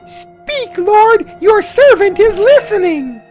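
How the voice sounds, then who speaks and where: High excited little boy servant, all breathless and eager. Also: slow, soft background music, exaggerated voice.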